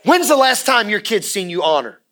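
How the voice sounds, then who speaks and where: A man's voice: sits high, big pitch swings, fairly quick, bright, forceful tone. A man preaching on money to a class, emphatic and cheering the other speaker on. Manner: emphatic, calls out encouragement.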